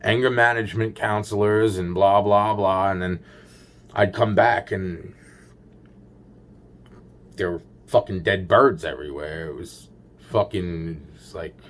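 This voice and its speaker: A man's voice: deep voice, measured pace, pauses often, fairly bright tone. A man rambling through a paranoid personal story, swearing constantly and restarting his sentences.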